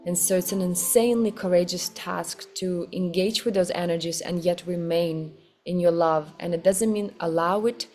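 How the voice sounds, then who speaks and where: A woman teaching a kundalini yoga class, guiding with soft, gentle, unhurried instructions. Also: on the low side, steady tone, faint music behind.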